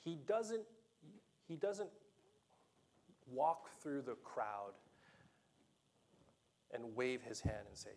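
A man preaching a sermon to a congregation, animated and playful, acting out the dialogue of the scripture story with laughs and asides. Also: mid-range voice, slow pace, long pauses. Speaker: pastor.

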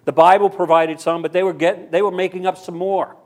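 A man's voice: high voice, little pitch movement, a little fast, a little mellow. A man preaching a sermon, telling a story and briefly acting out the people in it. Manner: storytelling, voicing characters in quotes. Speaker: pastor.

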